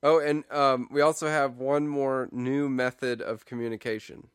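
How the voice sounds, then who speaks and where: A man's voice: medium pitch, steady tone, normal speed, clean tone, no room sound, studio quality. A man co-hosting a podcast, rambling and playful with many fillers, on a podcast microphone. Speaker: podcast co-host. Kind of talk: casual joking podcast chat.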